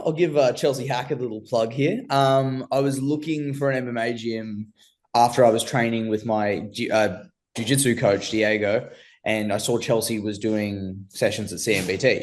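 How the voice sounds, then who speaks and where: This is an Australian amateur MMA fighter, a young guest in a casual interview. His voice is mid-range and his pace moderate, and he comes across easygoing and slangy, addressing people as bro.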